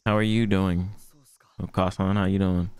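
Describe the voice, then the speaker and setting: A man's voice: low voice, little pitch movement, normal speed, darkish tone, clear, resonant tone, no echo. A man hosting an anime reaction channel, talking in loose, slangy, profane commentary and laughing often.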